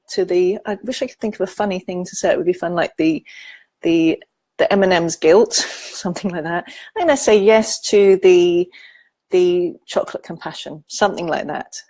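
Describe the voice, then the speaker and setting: A woman's voice: on the low side, mellow, no echo. A woman psychologist giving a casual spoken lesson to viewers, thinking aloud and speaking emphatically. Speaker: psychologist teaching emotional self-care.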